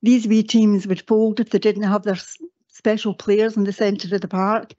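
An older woman with a Scottish accent tells her story in a mellow, warm voice, chatty and quick to laugh at herself. She often stops to correct her own words. The sound is a dull, lo-fi recording of a council meeting. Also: medium pitch, level tone. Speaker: guest speaker at a council meeting. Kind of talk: personal reminiscence speech. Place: council chamber.

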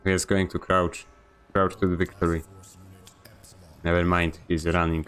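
A man's voice: low voice, level tone, moderate pace, fairly bright tone, clean tone, faint music behind. A man streaming a video game, giving a sarcastic, grumbling running commentary. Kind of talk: live gameplay commentary.

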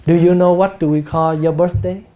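A man with a Vietnamese accent, a Buddhist monk giving a gentle, humorous dharma talk in a meditation hall. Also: high-pitched, steady tone, a little fast, muffled recording. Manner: gentle, humorous, acts out everyday speech. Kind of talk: sermon.

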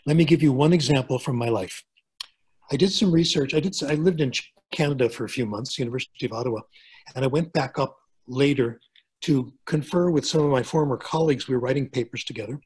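A man's voice: mid-range voice, fast, darkish tone, breathy edge. An older man from the United States giving a webinar lecture as a linguistics professor, chatty, with joking asides and plain examples, on a video call. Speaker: guest speaker, linguistics professor. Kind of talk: webinar lecture answering questions.

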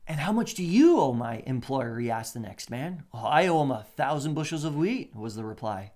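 A man preaching a sermon, lively and conversational, with asides and short laughs as he acts out the quotes. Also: fairly high pitch, brisk, hardly any pauses. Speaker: pastor.

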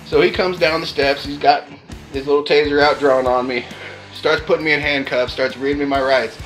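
A man's voice: a little high, steady tone, brisk, fairly bright tone, soft background music, low-quality recording. Chatty man telling a story. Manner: chatty, full of "like" fillers, acts out the quotes. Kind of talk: casual spoken anecdote.

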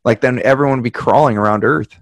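Speaking fast with a creaky, mid-range voice, a male podcast host tells stories in a casual way, animatedly voicing the people he quotes. The podcast mic recording is dry.

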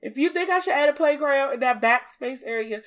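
Southern woman, somewhat high voice, stuffy congested nose; bubbly, playful casual chat. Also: lively intonation, fairly quick. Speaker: gaming YouTuber. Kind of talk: casual chat over a build video.

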